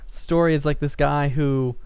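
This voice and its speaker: A man chatting casually while playing a game, drifting into long rambling stories and chuckling often. His voice is smooth and resonant. The recording is dry and close. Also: fairly high pitch, fairly even intonation, normal speed, darkish tone, no echo. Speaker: let's play host. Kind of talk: casual gaming chat.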